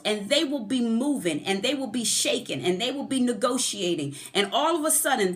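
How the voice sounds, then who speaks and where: A middle-aged woman and former therapist hosting a live-streamed motivational talk, effusively greeting viewers by name before her topic. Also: on the high side. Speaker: host of a motivational livestream. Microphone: phone camera.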